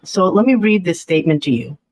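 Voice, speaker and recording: Casual commentary vlogger, mid-pitched, skeptical and chatty, dry close-miked sound. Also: big pitch swings, fairly quick, no echo, low-quality recording. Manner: chatty, frequent ums and uhs, skeptical asides.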